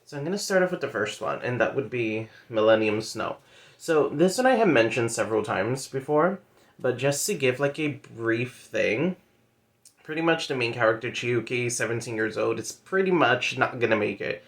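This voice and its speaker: A man's voice: mid-range voice, lively intonation, normal speed, fairly bright tone. A man in a casual book vlog, talking loosely with lots of fillers and playful asides as he retells a story. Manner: chatty, many fillers like "like" and "pretty much". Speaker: book vlogger. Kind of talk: casual monthly reading wrap-up.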